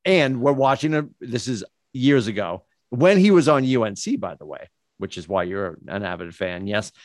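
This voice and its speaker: A man's voice: mid-range voice, animated, normal speed, dry recording. Rambling man on a podcast. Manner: rambling, tangents and filler words. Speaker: podcast co-host. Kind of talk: casual sports chat. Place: home studio room. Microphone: studio podcast mic.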